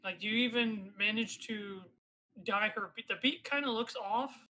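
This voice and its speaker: A woman's voice: on the high side, measured pace, sharp tone, poor audio. A woman narrating as game master in a casual, hesitant way with many fillers.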